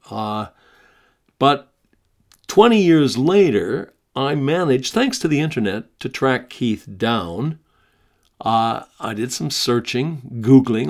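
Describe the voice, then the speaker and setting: A slow-speaking American man with a gravelly edge to his voice hosts a podcast. He talks in a conversational, hesitant way, pausing often, and also reads a written story aloud. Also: mid-range voice. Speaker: podcast host. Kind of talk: casual podcast talk and reading a story aloud.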